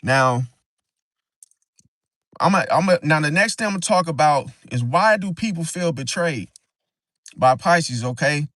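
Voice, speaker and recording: A man talks to his livestream audience in a casual but preachy way. He leans on his points and keeps tagging them with "see?". His voice sits a touch high, and it is recorded close and dry with no room sound. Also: animated, measured pace, pauses often, fairly bright tone, dry recording. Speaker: astrology livestream host.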